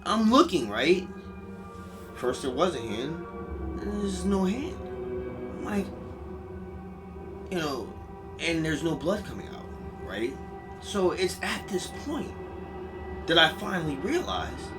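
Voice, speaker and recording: A man's voice: on the high side, very animated, slow pace, pauses often. A man telling a crude, rambling comedic story with lots of profanity, recorded from a distance with music behind.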